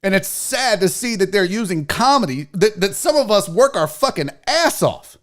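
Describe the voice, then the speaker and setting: Man in his forties, show host, heated swearing rant, pitch swings wildly. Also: big pitch swings, normal speed, a bit bright. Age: 40s. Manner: profane, heated ranting; mocks others in put-on voices. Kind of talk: livestream rant.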